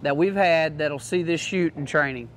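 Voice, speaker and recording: A man with a drawl demonstrates equipment to a group in a loose, joking way. His voice sits high for a man. A light hiss runs under the recording. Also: normal speed. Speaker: product demonstrator. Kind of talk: casual product demo to a class.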